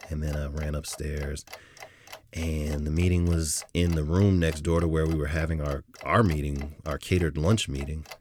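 A man's voice: extremely low pitch, fairly even intonation, normal speed, noisy background. A middle-aged man hosting a podcast, telling a personal story in a reflective, candid way with frequent restarts. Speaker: podcast host. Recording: music bed playing underneath.

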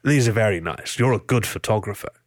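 A man voicing a fat male panda bear crime broker who talks politely and smoothly, in a storybook reading. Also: lowish voice, a little fast, no room sound, clean studio sound, lightly acted.

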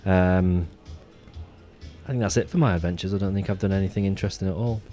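A man's voice: sits low, steady tone, quick pace, mellow, soft background music. A man hosting a casual podcast chat, easygoing and dry-humoured, often restarting his sentences. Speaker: podcast host.

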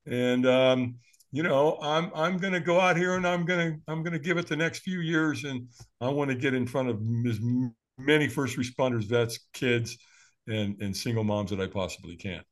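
At a moderate pace and medium pitch, this guest in his late sixties spins lively stories during an interview. He performs the quoted voices himself and laughs a lot.

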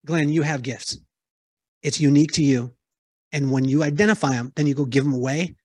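A man telling a lively story to an audience, acting out the voices of the people in it. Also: a little high, brisk, slightly rough, no echo, clean studio sound. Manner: lively, acts out quoted voices. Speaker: keynote speaker answering audience. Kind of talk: animated storytelling talk.

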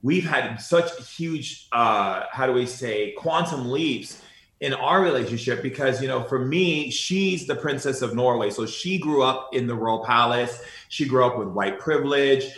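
A man talking earnestly in a spiritual conversation, telling stories with animated repetition. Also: medium pitch, unhurried, echoey room. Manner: earnest, animated storytelling, repeats phrases.

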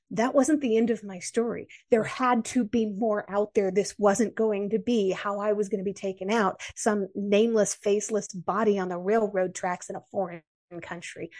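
An American woman speaking as a podcast guest, her voice sitting in a middle range. She tells her story in an earnest, measured way, one plain sentence after another. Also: mid-range voice, darkish tone. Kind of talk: personal story in an interview.

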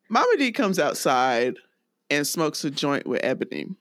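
A woman's voice: low voice, big pitch swings, slow, a bit bright, no room sound, studio quality. A woman from the US South co-hosting a podcast, reviewing a movie in casual chat and laughing often. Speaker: podcast co-host.

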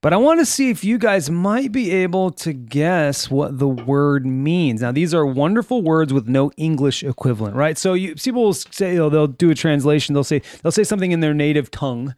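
A man's voice: on the high side, lively intonation, brisk, hardly any pauses, a little mellow, dry recording. A man hosting a radio show, joking around and reading out fun facts and odd words. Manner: jokey, laughs often, reads out fun facts. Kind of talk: casual radio banter.

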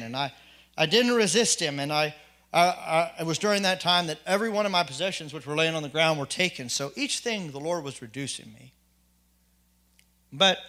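A man with a bright, forward voice pitched a little above the usual for men tells his testimony. He speaks earnestly and haltingly, stumbling over repeated "and"s and restarting sentences as he goes. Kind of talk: spoken personal testimony.

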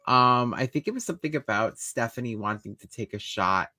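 A woman co-hosting a casual recap chat, lively and quick to jump in with details. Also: a bass voice, no echo. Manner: lively, laughing, jumps in with details. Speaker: podcast co-host.

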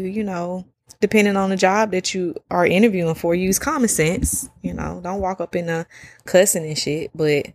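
A woman's voice: lowish voice, dry recording. Slangy woman in her thirties, dry sound. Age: 30s. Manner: animated, slangy, swearing freely. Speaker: podcast host. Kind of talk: casual solo podcast monologue.

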